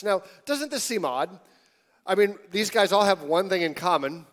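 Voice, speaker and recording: A man preaching a sermon in a conversational, animated way, sometimes dropping to hushed tones. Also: high-pitched, normal speed. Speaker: pastor.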